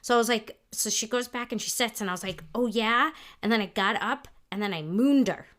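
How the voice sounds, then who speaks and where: A middle-aged woman co-hosting a couples podcast, telling high school stories in an animated way and laughing along. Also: fast talker. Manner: animated, laughs through her own stories. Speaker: podcast co-host. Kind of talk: casual storytelling chat.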